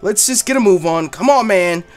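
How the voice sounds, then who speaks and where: A man's voice: sits high, animated, normal speed, soft background music. A man doing rambling, profane let's play commentary while gaming. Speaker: gaming YouTuber.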